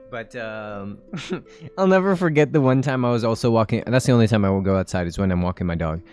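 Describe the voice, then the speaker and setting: A man's voice: on the low side, lively intonation, normal speed, long pauses, darkish tone, smooth, soft background music. A man in his twenties chatting casually on a live stream, rambling and laughing often.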